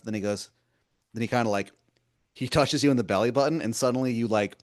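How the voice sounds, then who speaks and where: A man's voice: medium pitch, quick pace. A man narrating an improvised tabletop story as game master, rambling with lots of filler words.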